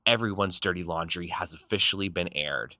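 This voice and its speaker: A man's voice: deep voice, pushed and bright, no echo. A man narrating a reality show recap in a snarky, punchy scripted style. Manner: snarky, punchy, quick quips.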